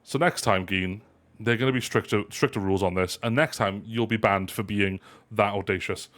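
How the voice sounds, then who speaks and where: A man's voice: lowish voice, fairly even intonation, normal speed, a bit bright. A man hosting a live stream roundup, chatting playfully and rambling between clips. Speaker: host. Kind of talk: casual live stream chat.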